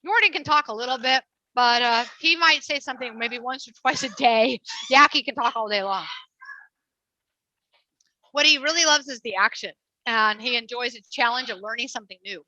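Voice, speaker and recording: A woman's voice: a little high, normal speed, bright, forceful tone, no echo, rough recording. A woman presenting a live family show with trained parrots, coaxing and cheering the birds along.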